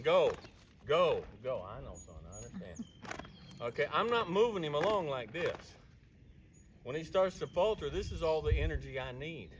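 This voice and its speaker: A man working as a horse trainer, calmly and patiently explaining while he works a horse outdoors. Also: on the high side. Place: outdoor round pen with horses. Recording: distant voice with outdoor noise.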